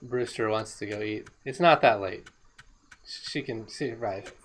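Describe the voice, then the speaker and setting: A woman talking casually over her own gameplay footage, excitable and rambling, laughing often. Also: a bass voice, unhurried, slight background noise. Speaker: gaming video creator.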